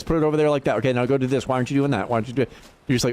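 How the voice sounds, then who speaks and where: A livestreamer in his fifties chats casually, very fast and in a mid-range voice. He's animated, swears freely, and laughs a lot.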